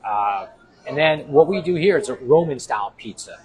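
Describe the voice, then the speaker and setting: A man's voice: mid-range voice, expressive, moderate pace, darkish tone, low-quality recording. A restaurant owner from Italy giving a casual interview, explaining his food with lots of fillers and restarts. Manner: explanatory, hesitant with many fillers.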